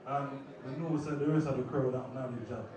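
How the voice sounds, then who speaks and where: A man's voice: mid-range voice, a little fast. A man judging a talent show, giving rambling, detailed feedback with many fillers. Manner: rambling, many "you know"s. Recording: echoey hall, far from mic, crowd noise.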